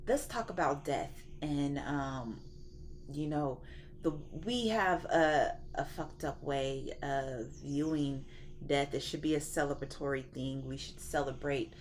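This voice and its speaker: Woman doing a tarot reading, low voice, preachy and cussing, a bit of noise behind. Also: slow. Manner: preachy, profane, slangy. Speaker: tarot reader. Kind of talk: casual spiritual tarot reading.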